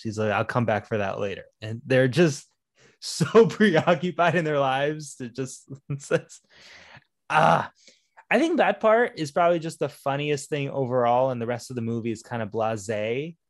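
A man's voice: mid-range voice, animated, normal speed, no echo. A man co-hosting a casual movie review podcast, rambling with lots of fillers. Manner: rambling, filler-heavy, laughs along. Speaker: podcast co-host.

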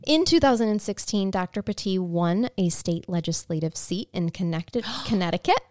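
A woman's voice: mid-range voice, animated, normal speed, a little mellow, dry recording. A woman co-hosting a casual true-crime podcast, telling the story plainly and with feeling, swearing now and then. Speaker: podcast co-host.

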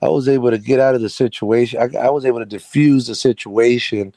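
A man's voice: mid-range voice, steady tone, fast, dark tone, no echo. A man who runs a carpentry business, telling a personal story as an interview guest in a chatty, rambling way with frequent laughs.

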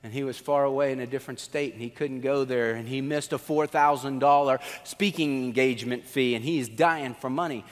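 A male pastor preaching a sermon in an animated, conversational storytelling manner. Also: mid-range voice, fairly quick, hardly any pauses. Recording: long hall reverb.

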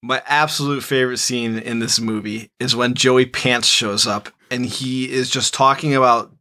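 A man's voice: medium pitch, fairly even intonation, normal speed, bright, forceful tone. A man co-hosting a casual movie podcast, laughing and swearing as he describes favorite scenes. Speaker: podcast co-host. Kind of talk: casual chat reviewing a movie.

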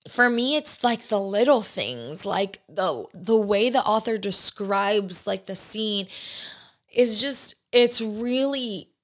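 A woman's voice: mid-range voice, a bit bright. A young adult woman hosting her own podcast, talking in a casual, rambling way with lots of fillers and restarts. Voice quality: chatty, many fillers and restarts. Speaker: podcast host. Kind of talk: casual chat.

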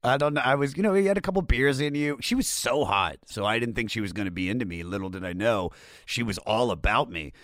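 A man's voice: medium pitch, quick pace, no room sound, studio quality. Laid-back man hosting a podcast. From Maryland, USA. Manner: laughing, relaxed storytelling. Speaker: podcast host. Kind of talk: casual podcast chat.

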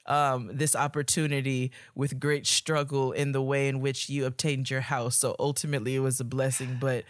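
A woman co-hosting a casual podcast, reading listener emails in an expressive way and often breaking into laughter. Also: a bass voice, normal speed, no room sound, studio quality. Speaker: podcast co-host.

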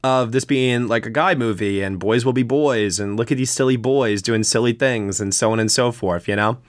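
A man hosting a casual film review podcast, chatting in a conversational way and getting animated when he explains things, with a lot of fillers. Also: mid-range voice, moderate pace, dry recording.

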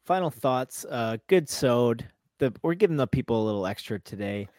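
A man's voice: medium pitch, expressive, normal speed, darkish tone, dry recording, clean studio sound. Laid-back male podcast co-host. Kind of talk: casual podcast chat.

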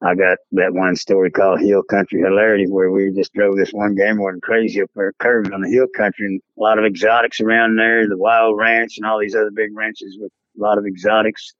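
An older man from South Texas, with a Texan accent, appears as an interview guest and tells a rambling story in a drawl, acting out voices in quotes. His fairly low, level voice is a little fast and a bit bright with few pauses, and the sound is lo-fi with no room sound.

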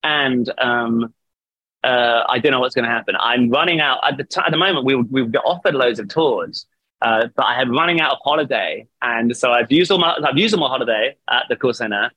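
A man's voice: mid-range voice, brisk, sharp tone, dry recording, muffled recording. A man telling a long, rambling story in a casual interview over a video call, laughing often and swearing. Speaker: band vocalist, guest.

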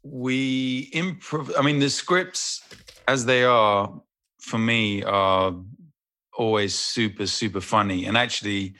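Bright-voiced, foul-mouthed man. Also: mid-range voice, slow, dry recording. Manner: crude, swearing, rambling anecdotes. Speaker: actor guest. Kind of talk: casual chat.

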